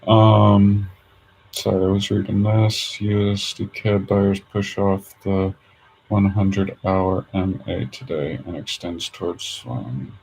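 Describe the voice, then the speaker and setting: A man's voice: lowish voice, level tone, takes it slowly, creaky, darkish tone, slight background noise, poor audio. A man streaming his trading session, thinking aloud in a casual, hesitant way with lots of fillers. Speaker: day trader streaming his charts.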